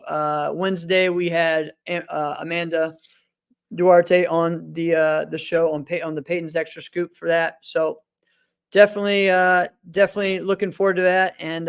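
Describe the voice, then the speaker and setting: A man's voice: high-pitched, clean tone. An easygoing man co-hosting a martial arts podcast, laughing often in casual chat. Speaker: co-host.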